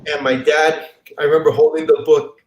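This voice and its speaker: A man from the Miami area, a comic YouTuber appearing as a guest, rambles through stories and often repeats words in casual live-stream chat over a video call mic. His voice sits fairly high with little pitch movement and a fairly quick pace. The muffled recording has a roomy echo and faint hiss.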